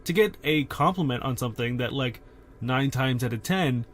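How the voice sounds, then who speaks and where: A man's voice: mid-range voice, moderate pace, a bit bright. A young man co-hosting a podcast in casual chat, candid and full of fillers. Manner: chatty, filler-heavy, candid. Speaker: podcast co-host.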